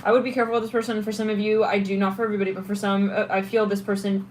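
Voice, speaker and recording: A woman's voice: mid-range voice, little pitch movement, racing, few pauses, darkish tone, a little hiss or hum, poor audio. Chatty woman giving a tarot reading. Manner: chatty, thinks aloud with restarts while reading cards. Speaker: tarot reader.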